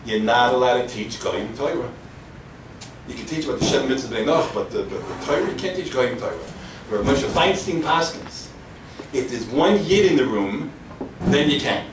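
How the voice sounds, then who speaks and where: A man, a rabbi, giving an animated storytelling lecture, mixing in Hebrew and Yiddish terms and hammering his points home by repeating them. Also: medium pitch, moderate pace. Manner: emphatic, repeats key phrases. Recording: echoey hall from far off, faint noise.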